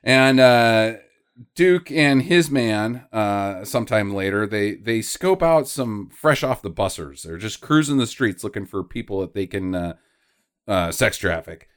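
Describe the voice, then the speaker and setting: A man's voice: fairly low pitch, lively intonation, a little slow, smooth. A man co-hosting a casual movie-review chat, giggling often as he retells scenes with joking asides. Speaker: podcast co-host.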